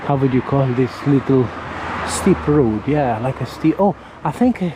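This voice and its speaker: A man from Italy with an Italian accent, chatting casually on a walking vlog and often pausing to search for words, talking into a camera outdoors on a windy street. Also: medium pitch, animated. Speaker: vlogger. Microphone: camera mic held near the face. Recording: faint wind and traffic noise outdoors.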